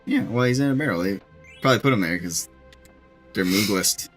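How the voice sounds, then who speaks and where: A man's voice: on the low side, lively intonation, brisk, a bit bright. A young man co-hosting a let's play, chatting casually and joking, often laughing as he rambles. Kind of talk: casual gameplay chat. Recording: faint game music behind.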